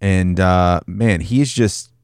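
Man, deep voice, dry close sound, rambling casual movie talk, swears. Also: takes it slowly, a little mellow, clear, resonant tone, no room sound. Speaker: podcast co-host.

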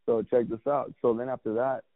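With a mid-range voice and level tone, a little fast, a guest in his thirties who founded a clothing brand tells his own story. He rambles candidly, with lots of restarts and swearing, and the tinny, phone-like sound is dry with no room sound.

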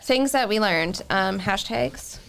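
Woman podcast cohost, talks real slow, laid back, faint noise behind. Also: medium pitch, vocal fry, fairly bright tone, rough recording. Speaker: podcast co-host. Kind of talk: casual chat.

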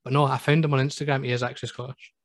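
A man's voice: mid-range voice, flat delivery, racing, no room sound. Rambling man co-hosting a podcast. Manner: rambling storyteller, peppers talk with "right?" and "um". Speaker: podcast co-host. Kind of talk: casual chat.

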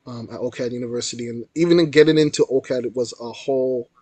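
A man's voice: mid-range voice, fast, no room sound. A young man, a guest artist, telling a story in a casual, slangy interview style. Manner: animated storyteller, slangy with frequent "yo" and "like".

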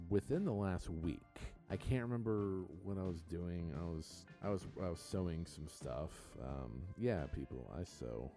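Deep, lively-voiced man chatting casually. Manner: rambling, loose and profane, laughs easily. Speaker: podcast co-host. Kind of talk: casual chat about music.

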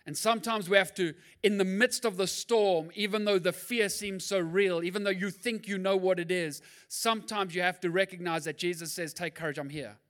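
A male pastor preaching a sermon in an animated, jokey way, acting out Bible scenes. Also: high-pitched, moderate pace, few pauses, smooth.

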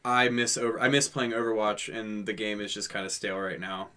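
A man's voice: fairly low pitch, steady tone, brisk, pushed and bright. A man on a casual podcast, laid-back and crude in his jokes. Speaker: podcast co-host.

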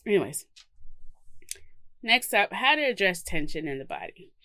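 A woman's voice: mid-range voice, big pitch swings, normal speed, bright, forceful tone, dry recording. A woman co-hosting a podcast in casual chat, laughing often and filling her speech with ums and likes. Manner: chatty, laughs often, many fillers. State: hiccups. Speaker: podcast co-host.

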